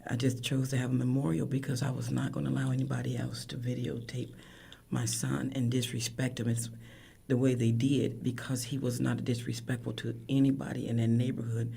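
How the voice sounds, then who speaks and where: A woman in her fifties, a grieving mother, tells her story emotionally, her voice cracking and often falling to a hushed whisper. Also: a bass voice, little pitch movement, brisk, vocal fry, husky. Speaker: guest, bereaved mother. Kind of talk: emotional personal account.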